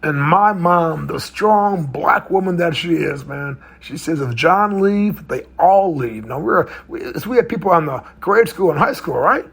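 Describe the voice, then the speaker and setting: A man's voice: on the high side, lively intonation, normal speed, vocal fry, hardly any pauses, a bit bright, breathy edge. A middle-aged man, a mental health coach, telling a personal story in a loose conversational way with frequent tag questions. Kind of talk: storytelling talk.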